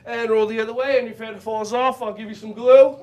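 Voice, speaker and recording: A man teaching a children's karate and yoga class, playful and animated as he jokes with the kids. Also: extremely high pitch, quick pace. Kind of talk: leading a kids' exercise class.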